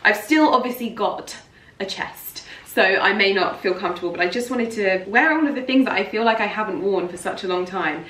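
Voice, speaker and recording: A woman's voice: medium pitch, fairly quick, fairly bright tone, distant mic. Gushing English woman in an echoey room. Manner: gushing, chatty and emotional, with frequent laughs. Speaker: fashion vlogger. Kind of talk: casual try-on haul chat. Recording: roomy, off-mic sound with faint background noise.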